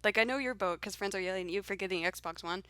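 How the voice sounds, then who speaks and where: A woman's voice: medium pitch, fast, fairly bright tone, dry recording. A young woman hosting a casual podcast chat, playful and teasing, laughing often. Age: young adult. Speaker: podcast host.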